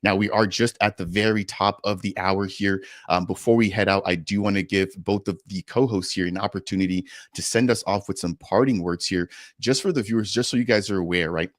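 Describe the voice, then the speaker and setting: A man's voice: deep voice, fairly even intonation, a little fast, few pauses, no room sound, clean studio sound. A man hosting a crypto livestream, talking conversationally and tagging his sentences with "right?" as he wraps up the show. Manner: conversational, wrapping up with filler tags like "right?". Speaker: livestream host.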